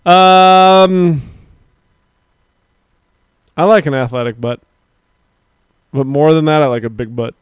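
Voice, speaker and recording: A man's voice: on the high side, slow pace, pauses often, smooth, no echo, studio quality. A man co-hosting a livestream, bantering crudely, laughing often and reading chat aloud. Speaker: livestream co-host.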